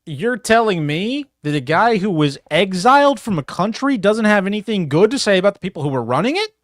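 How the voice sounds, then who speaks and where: A man's voice: high voice, big pitch swings, brisk, fairly bright tone, dry recording. A male podcast host giving sarcastic, profane commentary on a live stream, talking into a close desk mic.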